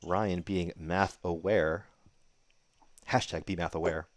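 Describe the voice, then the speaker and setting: A man doing live darts commentary, getting excited on big throws. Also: deep voice, takes it slowly, dry recording. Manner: excitable, rises sharply on big moments.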